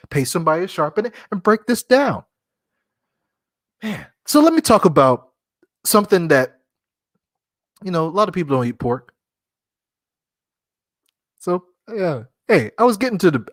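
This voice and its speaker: A man's voice: on the high side, sing-song, moderate pace, pauses often, a bit bright, dry recording, clean studio sound. A man hosting a casual solo podcast, rambling and joking, often laughing at himself. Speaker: podcast host.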